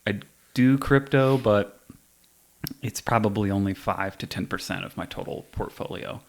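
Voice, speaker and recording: A man in his forties hosting a podcast, talking in a relaxed way and trailing off softly at the ends of thoughts. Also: on the low side, normal speed. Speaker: podcast host. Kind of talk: casual conversation.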